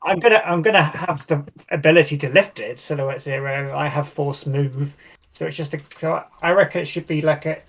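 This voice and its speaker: A man's voice: fairly high pitch, a little fast. Laid-back tabletop player man. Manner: relaxed, laughs often, reasons out rules. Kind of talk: casual tabletop play.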